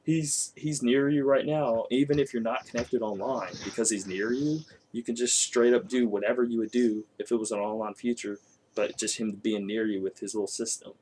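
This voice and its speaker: A man talking casually about video games in an animated way, laughing often and swearing. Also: medium pitch, moderate pace, slight background noise. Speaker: co-host. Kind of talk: casual gaming chat.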